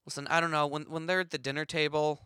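A man doing improv comedy, explaining mime lore with a deadpan, mock-serious manner. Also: a little high, fast talker, clean tone, no room sound, clean studio sound. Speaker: improv performer translating a mime.

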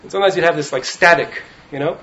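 A man giving an animated Torah talk as a rabbi in a study hall, often asking "right?" to his listeners. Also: on the high side, fast, lo-fi sound. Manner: animated, keeps checking in with "right?". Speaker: rabbi teaching in a yeshiva.

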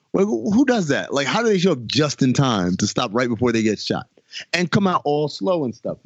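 A man's voice: medium pitch, brisk, slightly rough, dry recording, lo-fi sound. A man co-hosting a podcast, ranting in casual chat about a TV show with exasperated, mocking asides. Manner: animated, exasperated ranting with mock quotes. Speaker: podcast co-host.

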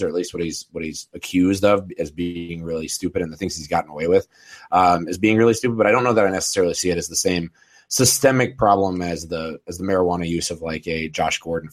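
Deep-voiced man hosting a podcast. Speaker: podcast host. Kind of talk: casual sports podcast chat.

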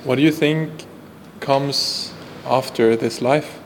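A man asking gentle, hesitant questions as an interviewer. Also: medium pitch, steady tone, slow pace, in a large hall, a little hiss or hum.

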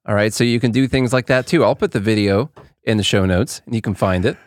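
Male podcast co-host, jokey and relaxed, dry studio sound. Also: fairly low pitch, fast, no echo. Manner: joking, easygoing banter. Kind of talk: casual political chat.

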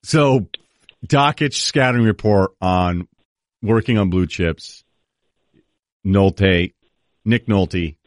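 A man's voice: on the low side, lively intonation, slow, dry recording, clean studio sound. A man hosting a talk show, chatting loosely and joking with his guest. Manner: easygoing, joking, trails off and restarts. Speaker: host. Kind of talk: casual chat.

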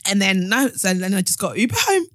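A young woman with a London accent, co-hosting a casual podcast chat and telling animated stories, acting out what people said. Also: medium pitch, brisk, dry recording, studio quality. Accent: London English. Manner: animated storytelling, acts out quotes. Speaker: podcast co-host.

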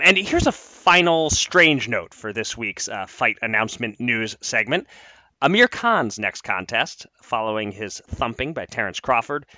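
A man hosting a boxing podcast, briskly reading announcements and teasing his co-host. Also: mid-range voice, pushed and bright, no echo. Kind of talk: news segment and chat.

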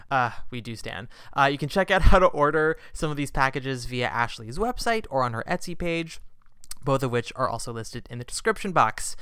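Male podcast host, forceful and crisp, playful camp energy, dry close sound. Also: medium pitch, no echo. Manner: animated, playful and campy. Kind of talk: casual podcast chat.

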